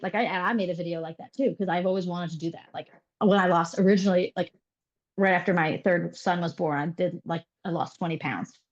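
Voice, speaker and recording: A woman in her thirties telling stories in a casual interview, animated and laughing, full of fillers. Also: lowish voice, muffled recording. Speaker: interview guest. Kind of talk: casual chat.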